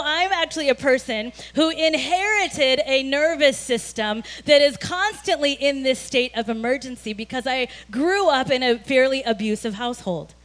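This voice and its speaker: A woman pastor giving a sermon in a conversational storytelling way, animated at times and full of "you know" and "like". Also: high-pitched. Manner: frequent fillers like "you know" and "like".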